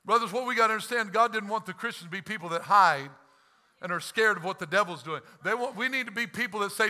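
Fervent high-voiced male preacher. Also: fast talker. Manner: impassioned preaching, swings between loud and hushed; acts out quoted lines with laughs. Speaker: pastor. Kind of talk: sermon.

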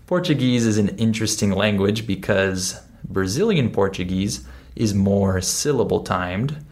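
Slow, deliberate male English teacher. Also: low voice. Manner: deliberate, with frequent "uh" pauses and check-ins like "right?" and "okay?". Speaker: English teacher, podcast host. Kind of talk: slow, explanatory listening lesson.

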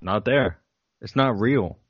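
Slow, low-voiced joking podcast man. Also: breathy edge, no echo, dull audio. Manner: joking, laughs often, reads from a list. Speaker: podcast co-host. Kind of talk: casual podcast banter.

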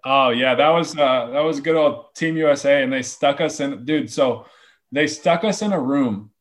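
A man's voice: medium pitch, normal speed. A young man, a ballplayer guest, chatting casually in a laid-back, rambling way with lots of restarts. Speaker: baseball player guest. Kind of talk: casual interview chat.

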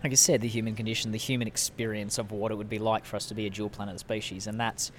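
A man's voice: on the low side, level tone, fast, a little hiss or hum. A man co-hosting a podcast and speaking at an event, earnest and chatty. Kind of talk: casual chat.

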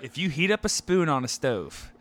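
Man in his thirties animated storyteller, swearing freely. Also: fairly high pitch, normal speed, background noise. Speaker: podcast co-host. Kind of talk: casual chat.

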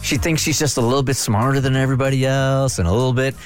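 A man's voice: mid-range voice, fairly even intonation, quick pace, clean tone, faint music behind. A man hosting a morning radio show, bantering bluntly and taking calls. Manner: blunt, joking, takes calls.

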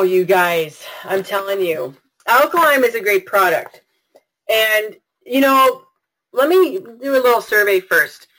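A woman's voice: medium pitch, fairly bright tone, poor audio. A woman hosting a live online product webinar, talking in a bubbly, gushing, chatty way and answering her viewers' comments. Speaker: webinar host.

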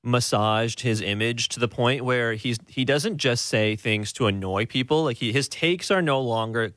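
A man's voice: medium pitch, normal speed, dry recording. Laughing male sports radio co-host. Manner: animated storytelling, laughs often. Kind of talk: casual sports talk.

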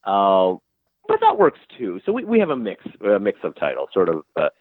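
A man talking as a guest in a conversational interview, animated and chatty with wry asides. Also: sits low, normal speed, breathy edge, no room sound, narrow, tinny audio. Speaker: guest, crime fiction publisher and writer.

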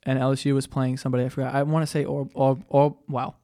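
A man's voice: mid-range voice, little pitch movement, quick pace, mellow, dry recording, clean studio sound. A man hosting a podcast, telling bar stories in a loose, joking way with swearing, and reading an ad plug. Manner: loose, joking storytelling with profanity. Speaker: podcast host. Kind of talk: casual chat.

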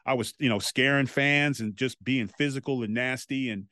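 A man, a former wrestler, telling stories as a podcast guest in a loose, animated way and swearing freely. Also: medium pitch, moderate pace, no room sound. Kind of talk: casual anecdotal storytelling.

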